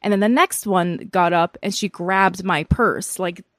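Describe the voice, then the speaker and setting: A woman's voice: fairly low pitch, fairly even intonation, measured pace, fairly bright tone, no echo, studio quality. A woman comedian chatting casually on a podcast, rambling and profane, laughing often. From Korea. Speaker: guest comedian.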